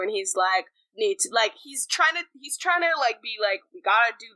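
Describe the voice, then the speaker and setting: A young woman co-hosting a casual book podcast, talking in an animated way, laughing often and acting out characters' lines. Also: a little high, moderate pace, hardly any pauses, no room sound, rough recording. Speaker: podcast co-host. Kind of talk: casual book discussion chat.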